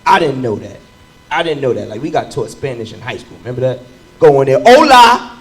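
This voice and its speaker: A man in his thirties performing a stand-up comedy set, telling animated stories and shouting into bits. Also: medium pitch, fast talker, low-quality recording. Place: comedy club stage with live audience. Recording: live room with loud crowd laughter.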